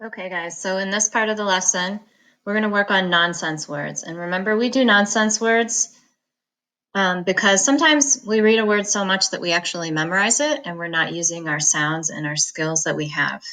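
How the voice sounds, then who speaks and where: A woman reading teacher giving a phonics lesson, slowly breaking words into syllables and sounds in a patient, encouraging manner. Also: fairly low pitch, sharp tone, rough recording.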